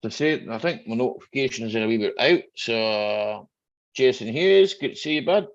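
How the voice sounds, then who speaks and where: Man, livestream host, casual chat, greets viewers by name, lively up-and-down voice, dull lo-fi sound. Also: medium pitch, normal speed.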